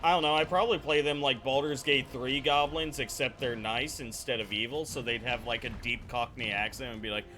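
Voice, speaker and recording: A man's voice: mid-range voice, fairly even intonation, fairly quick, hardly any pauses, pushed and bright, soft background music. A young man chatting casually while streaming a game live, rambling, playful, swearing and slipping into silly voices.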